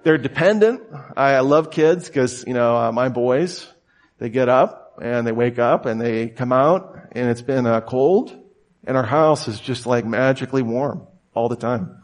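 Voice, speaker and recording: A man preaching a conversational sermon, telling stories casually with lots of fillers and acting out quotes. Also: unhurried. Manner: casual and storytelling, many "you know" and "like" fillers; acts out quoted voices with sudden high shouts. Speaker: pastor.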